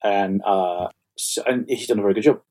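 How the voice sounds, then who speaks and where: A man, a fantasy author chatting as an interview guest, self-mocking and quick to laugh at his own stories. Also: on the low side, darkish tone. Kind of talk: casual interview chat.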